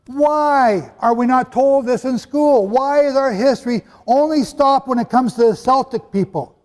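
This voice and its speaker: A man with an extremely high, darkish voice gives an emphatic, conversational sermon-style teaching. He quizzes a live audience gathered in a large hall, and the sound trails off in long hall reverb.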